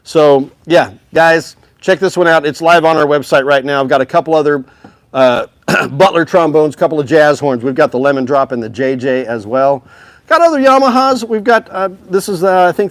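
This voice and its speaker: A man's voice: fairly high pitch, dry recording. A man hosting a live music store stream, chatting upbeat and straight to his viewers about instruments. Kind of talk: casual live-stream sales chat.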